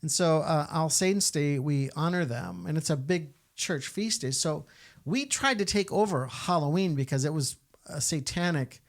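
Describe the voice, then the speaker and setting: A man's voice: fairly high pitch, moderate pace. A man hosting a Catholic podcast, talking casually and asking rhetorical questions with frequent fillers. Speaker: podcast host.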